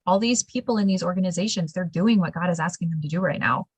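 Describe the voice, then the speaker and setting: A woman's voice: fairly low pitch, quick pace, breathy edge, no echo, poor audio. Emphatic woman host, dry close sound. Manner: animated, emphatic storytelling with laughs. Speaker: show host. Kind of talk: casual interview conversation.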